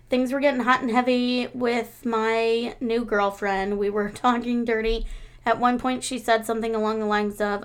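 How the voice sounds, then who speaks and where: A woman's voice: fairly high pitch, moderate pace, clear, resonant tone. A woman in her thirties co-hosting a casual chat, telling frank stories with lots of laughter. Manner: frank, laughing, animated storytelling. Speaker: podcast co-host.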